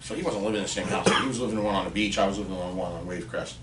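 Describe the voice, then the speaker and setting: A man guest on a podcast, telling a long story in casual chat and acting out quotes with excited rises in his voice. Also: deep voice, rapid-fire. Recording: roomy and distant with faint noise.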